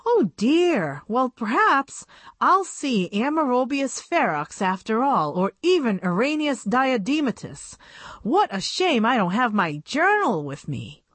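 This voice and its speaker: A woman's voice: fairly high pitch, very animated, measured pace, fairly bright tone, no echo, pitched above the performer's own voice, full character voice. A woman voicing an eccentric, fussy older female doll who loves bugs, in a chirpy, breathless storybook voice. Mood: fussing.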